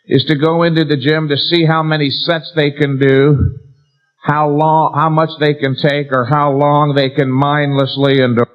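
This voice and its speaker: Emphatic male seminar lecturer, slightly high voice, rhetorical questions, muffled old tape. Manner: emphatic, asks and answers rhetorical questions, stresses key words. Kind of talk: live lecture to an audience. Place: seminar room before an audience. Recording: dull lo-fi 1990s seminar tape.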